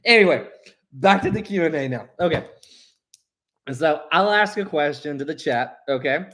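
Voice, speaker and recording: A young man hosting a live stream, chatty and animated as he runs a quiz for his chat. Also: on the high side, normal speed. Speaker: livestream host.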